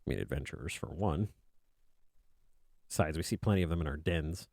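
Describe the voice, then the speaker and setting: A man's voice: very deep voice, a little fast, gravelly, a little mellow, no echo, clean studio sound. A man chatting casually on a stream, rambling and joking as if he were a kobold. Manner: rambling, joking, speaks as a kobold in his own voice. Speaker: art streamer. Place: indoors at a desk.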